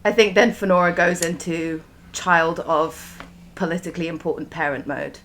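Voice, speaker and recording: A woman at a tabletop game, thinking out loud about her character with a hesitant delivery. Her voice sits slightly low. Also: steady tone, normal speed, a little hiss or hum. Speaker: player. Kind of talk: describing character actions.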